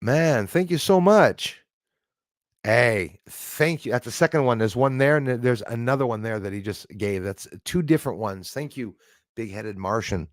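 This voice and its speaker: A middle-aged man hosting a casual live stream, excitable, thanking viewers by name and swearing when angry. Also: mid-range voice, moderate pace, dry recording, clean studio sound.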